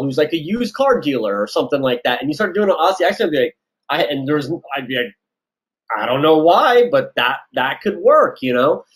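A man's voice: fairly high pitch, low-quality recording. A man giving casual audition advice as a casting director, loose and chatty with lots of fillers. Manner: loose, chatty, lots of likes and you-knows.

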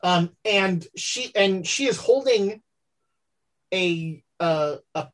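A woman narrating as game master of a tabletop role-playing game, halting and full of fillers. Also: fairly low pitch, animated.

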